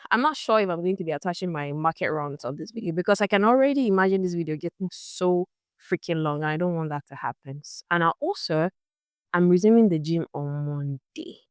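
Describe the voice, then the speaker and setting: A woman's voice: lowish voice, lively intonation, normal speed, fairly bright tone, smooth, no room sound, clean studio sound. A young woman talking casually to her camera in a vlog, chatty and exasperated as she tells a story. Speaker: vlogger.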